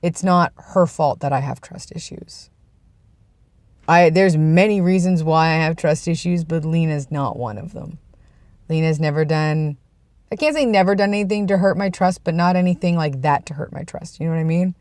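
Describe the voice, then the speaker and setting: A man's voice: on the high side, moderate pace, a little mellow, dry recording. A young man vlogging in a casual, earnest and rambling way, often restarting his sentences. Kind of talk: casual personal vlog. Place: outdoors, about to go inside.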